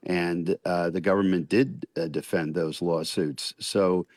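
An older man, a retired judge, answering questions in a radio news interview in a measured, deliberate way with frequent pauses. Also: low voice, steady tone, a little mellow, no echo, studio quality.

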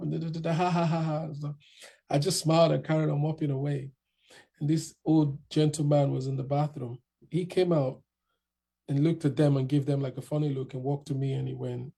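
Brief: young man, gravelly husky warm voice, lively storyteller doing voices. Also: medium pitch, normal speed. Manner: animated, quotes others in raised voices. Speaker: interviewee. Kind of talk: casual storytelling.

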